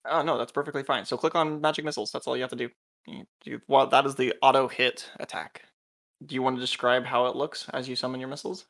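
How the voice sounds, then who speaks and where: Man, game master, tabletop game, patient, explaining rules, bright tone. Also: medium pitch, steady tone, quick pace, vocal fry. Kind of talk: running a tabletop role-playing game.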